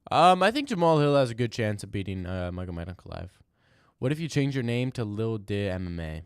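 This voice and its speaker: A young man streaming live, reading chat and answering in loud, mock-outraged rants. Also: fairly low pitch, very animated, fairly quick, smooth, no echo, clean studio sound.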